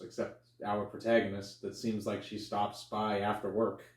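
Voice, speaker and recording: Animated, swearing man in an echoey room. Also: moderate pace. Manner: animated retelling, acts out characters with sudden high yelps, swears freely. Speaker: podcast co-host. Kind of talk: casual movie review chat.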